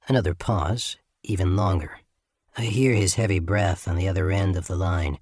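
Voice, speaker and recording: A man narrates a first-person audiobook in an even, slightly sardonic way. His voice is low and husky. The recording is dry and close. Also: moderate pace, no room sound.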